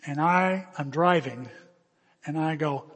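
High-voiced husky preacher in a hall. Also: male voice, slow. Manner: animated, bursts into shouts and laughter while acting out stories. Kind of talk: storytelling sermon. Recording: long reverb of a large hall.

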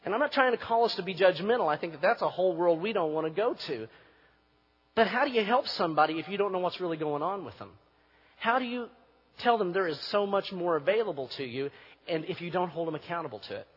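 A man preaching a sermon as pastor, moving from quiet reflection to forceful emphasis. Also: high voice, lively intonation, fast, slightly rough. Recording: muffled recording with long hall reverb.

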